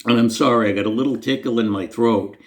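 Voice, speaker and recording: A man's voice: medium pitch, steady tone, fast. A man telling a personal faith story to the camera in an earnest, conversational, self-deprecating way. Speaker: Christian storyteller.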